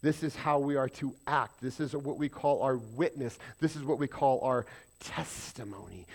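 A man preaching a sermon to a congregation, emphatic, putting questions to the listeners and swinging between loud stresses and quiet asides. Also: mid-range voice, unhurried. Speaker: pastor.

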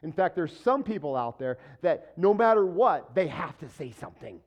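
Animated male pastor preaching conversationally. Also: fairly high pitch, moderate pace. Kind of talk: sermon.

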